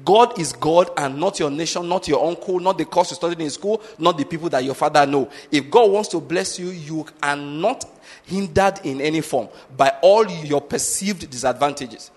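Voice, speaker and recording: A male pastor preaching with insistent emphasis, often pausing to ask whether the congregation is following. His voice sits a little high for a man. The sound carries a long, hall-like reverb. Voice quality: emphatic, drives points home with repeated check-in questions. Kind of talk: sermon.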